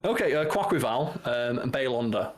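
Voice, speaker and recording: A man's voice: medium pitch, lively intonation, normal speed. A man co-hosting a podcast in casual chat, swearing freely and reading out names. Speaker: podcast co-host.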